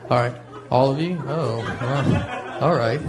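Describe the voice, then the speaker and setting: A stand-up comedian with a Tennessee Southern accent, delivering a live set in a deadpan, meandering way with many hesitations. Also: male voice, mid-range voice, takes it slowly, loud music behind the voice, a loud crowd. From Tennessee, USA. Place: stage in a venue with an audience. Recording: noisy, echoey live stage recording.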